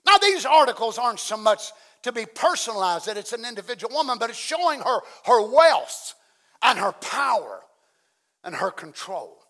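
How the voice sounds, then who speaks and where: A middle-aged man preaching a fiery sermon as pastor, swinging from hushed asides to loud shouting. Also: high voice, big pitch swings, normal speed.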